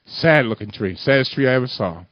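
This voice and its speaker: A man's voice: mid-range voice, animated, fairly quick. A man giving an impassioned speech to a union audience with an emphatic oratorical cadence, repeating lines for effect. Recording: muffled lo-fi recording.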